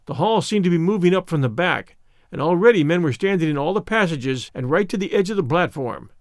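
Dry, fairly high male audiobook narrator. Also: expressive, dry recording. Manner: measured, storytelling.

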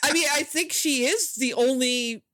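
A woman co-hosting a casual chat, chatty and quick to laugh. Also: high voice, fairly bright tone, dry recording. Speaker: podcast co-host.

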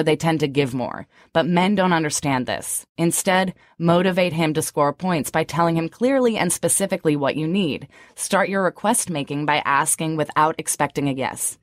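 A woman's voice: low voice, dry recording, clean studio sound. A woman in her thirties co-hosting, moving between read-out summaries and loose chat full of "like" fillers. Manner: chatty, frequent "like" fillers when unscripted. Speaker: co-host. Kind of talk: scripted summary and casual chat.

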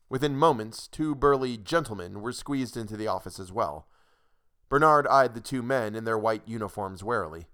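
A man narrating a short story in a measured, dry reading voice. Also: fairly low pitch, pushed and bright, smooth.

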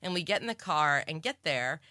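Middle-aged woman from cape cod, lower voice but bright, tons of "like"s, dry close sound. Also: lively intonation, no room sound. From Cape Cod, Massachusetts. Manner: storytelling with many "like" fillers and quick laughs. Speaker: author guest. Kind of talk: casual interview chat.

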